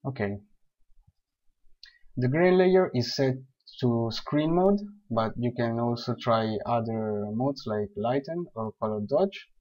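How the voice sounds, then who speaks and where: A man calmly explaining software steps one by one in a screen-recorded tutorial. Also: mid-range voice, slow. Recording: dull lo-fi voice recording.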